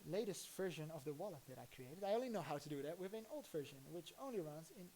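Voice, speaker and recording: A woman's voice: low voice, expressive, mellow, a little hiss or hum. A woman with a Dutch accent, thinking aloud as she chats casually on her live stream. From Netherlands. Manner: rambling, thinking aloud, halting restarts. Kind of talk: casual live-stream commentary while working on a computer.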